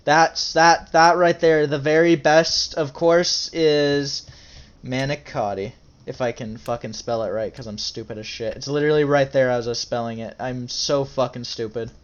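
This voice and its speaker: A man's voice: mid-range voice, fairly even intonation, moderate pace, clear, resonant tone, muffled recording. A man hosting a casual chat, cursing freely and mocking himself as he talks. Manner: profane, self-mocking, laughs easily. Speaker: channel host.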